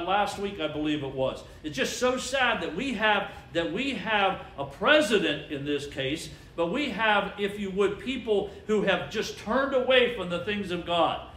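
High-voiced preaching man in echoey church. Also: animated, normal speed, few pauses, a bit bright. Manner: emphatic preaching with call-and-response questions. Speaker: pastor. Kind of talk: sermon. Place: church sanctuary. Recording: echoey church with faint ambience.

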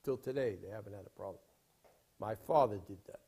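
A man preaching in a rambling storytelling style, emphatic, with sudden swings from loud to quiet. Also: lowish voice, brisk, vocal fry, slightly rough. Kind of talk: sermon storytelling.

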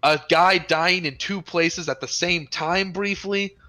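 A man's voice: high voice, takes it slowly, bright, forceful tone. A man from Wisconsin co-hosting a game stream, chatting casually, rambling and swearing freely. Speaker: co-host.

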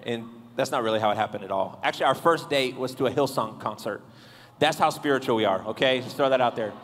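A man preaching a casual, comedic sermon to a young crowd, joking, animated and talking straight to the audience. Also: medium pitch, quick pace, big-room sound, slight background noise. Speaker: youth pastor. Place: large church hall.

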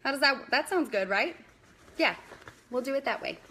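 A woman's voice: sits high, lively intonation, normal speed, bright, forceful tone, slight background noise. A young woman hosting a casual live-stream bingo game, chatty and scattered, talking to viewers by name.

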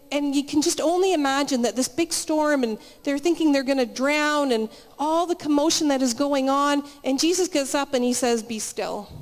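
A woman's voice: sits high, a little mellow. A woman giving a conversational sermon at a church meeting, telling stories in a chatty way with frequent restarts. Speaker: guest speaker at church meeting. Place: church hall, live meeting. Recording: reverberant live church hall.

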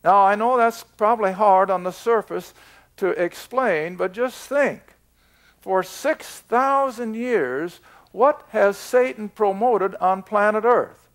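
An older man teaching a Bible study in a slow, emphatic way, drawing out his words. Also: sits high.

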